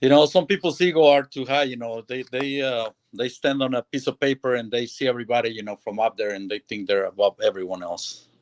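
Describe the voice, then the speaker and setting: A man talking earnestly and haltingly on a radio show. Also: mid-range voice, fairly even intonation, no echo. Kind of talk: casual talk radio chat. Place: talk radio studio.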